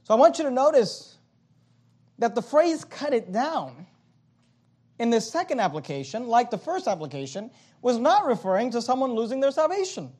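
A man with a very high voice delivers a sermon from the pulpit of a church auditorium. He preaches emphatically, repeats his phrases in runs, and swings between loud, pressing lines and quiet ones. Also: sing-song, moderate pace, breathy edge. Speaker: pastor.

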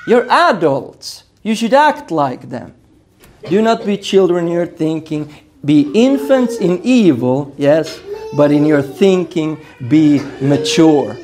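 Male pastor, fairly high voice, hoarse, earnest expository preaching with emphatic exhortations. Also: lively intonation, slow pace, darkish tone. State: hoarse, losing his voice. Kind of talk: expository sermon.

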